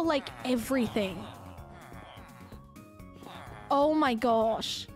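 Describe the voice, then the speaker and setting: Woman streamer, high voice, slow easygoing delivery, incredulous reactions to chat, faint music underneath. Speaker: live game streamer. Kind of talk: casual live-stream chat while playing.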